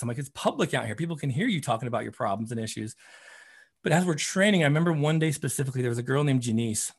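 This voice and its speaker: A man's voice: medium pitch, very fast, slightly rough. A man, a therapist and running coach, telling a story in casual conversation, acting out quotes with lots of fillers. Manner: animated, acts out quotes, many fillers like "you know" and "man".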